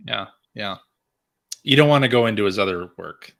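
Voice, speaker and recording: A man co-hosting a podcast in casual chat, relaxed and laughing as he talks. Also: fairly low pitch, normal speed, creaky. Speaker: podcast co-host.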